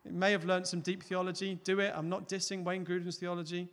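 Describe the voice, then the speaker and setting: A man preaching a sermon, earnest, rising to loud emphatic peaks and dropping to soft, close appeals. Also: high-pitched, little pitch movement, a little fast. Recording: long hall reverb.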